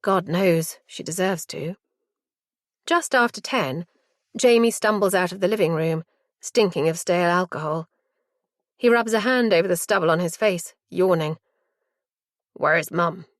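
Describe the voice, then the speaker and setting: A woman narrating a first-person thriller audiobook in a measured, hushed delivery. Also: fairly low pitch, no room sound, clean studio sound.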